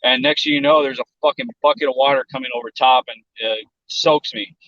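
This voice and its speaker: A man's voice: medium pitch, steady tone, a little fast, muffled recording. A man from South Texas telling a story in casual chat, blunt and profane, and he acts out the voices of other people. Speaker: podcast guest.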